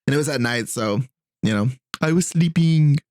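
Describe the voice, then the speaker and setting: A man co-hosting a podcast, telling a story in a relaxed, rambling way with lots of filler words. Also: fairly high pitch, moderate pace, no room sound, studio quality. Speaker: podcast co-host. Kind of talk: casual chat.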